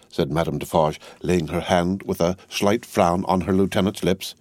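A man narrating a classic novel as an audiobook in a measured, even reading style. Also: low-pitched, dry recording. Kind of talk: scripted narration.

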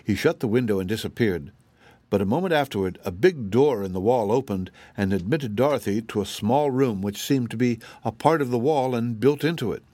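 A man narrating a children's storybook in a steady, measured reading. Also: mid-range voice, dry recording.

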